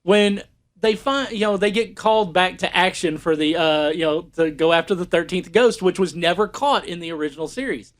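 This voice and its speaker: High-voiced man rambling on a podcast. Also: brisk. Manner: rambling with many fillers. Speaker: podcast co-host. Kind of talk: casual chat.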